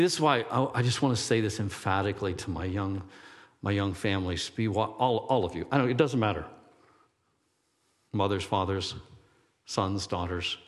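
A middle-aged man preaching a sermon as pastor, conversational and emphatic. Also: lowish voice. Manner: conversational, emphatic, self-deprecating. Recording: long hall reverb.

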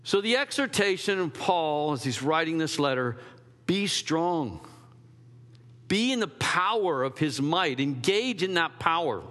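A man preaching a sermon in an animated, conversational way, slipping into quick acted asides. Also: a little high, big-room sound. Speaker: pastor.

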